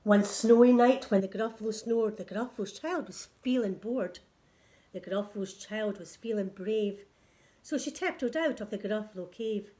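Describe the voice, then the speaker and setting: A woman nursery teacher reading a picture book to young children in a clear, sing-song read-aloud voice. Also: mid-range voice, normal speed, dark tone.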